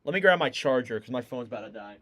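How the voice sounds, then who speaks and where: A young man doing live play-by-play commentary as a fan streamer, excitable and shouting on big plays. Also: medium pitch, quick pace.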